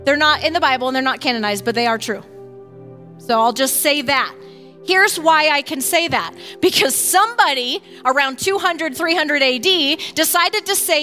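A woman giving an animated, emphatic talk on faith, often acting out what other people say. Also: high voice, normal speed, faint music behind. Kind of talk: casual teaching talk on faith.

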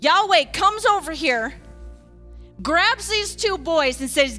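A woman preaches with a very high, bright, forceful voice. She swings from hushed, quick asides to loud, fired-up peaks. Soft music plays beneath her. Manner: animated, swings from hushed to fired-up, laughs often. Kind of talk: passionate sermon.

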